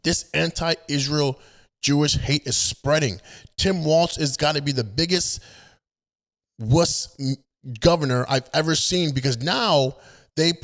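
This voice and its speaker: A man's voice: fairly high pitch, a bit bright. A man ranting as a political commentator, emphatic and indignant, stumbling into restarts.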